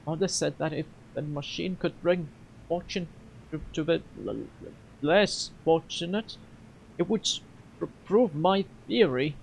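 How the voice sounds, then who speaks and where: A man's voice: on the high side, a little slow, vocal fry, darkish tone, muffled recording, a little hiss or hum. A man with a Polish accent voicing a weary old male inventor who halts and stumbles over his words in a video game.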